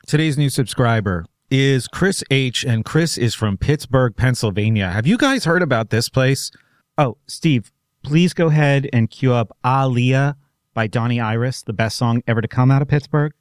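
A man's voice: mid-range voice, moderate pace, no echo, studio quality. A man hosting a podcast and chatting in a casual, playful way. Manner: playful, breaks into mock regional voices. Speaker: podcast host.

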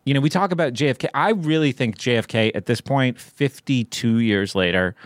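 A man's voice: medium pitch, no echo, studio quality. A man hosting a podcast in casual chat, rambling and playful as he thinks aloud. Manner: rambling, playful, drawn-out musings. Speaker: podcast host.

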